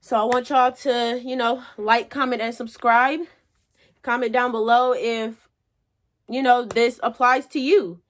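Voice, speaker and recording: A young woman speaking in a fairly high voice tells a motivational story as a vlogger. Her talk is loose and chatty, full of everyday slang. It sounds like casual story time straight to her viewers. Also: fairly even intonation, unhurried.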